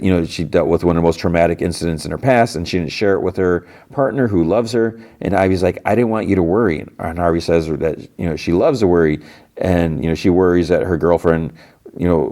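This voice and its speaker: Male podcast host, deep voice, loose casual recap, lots of filler and restarts. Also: fairly quick, warm tone. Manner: rambling, full of "like" and "you know", frequent restarts.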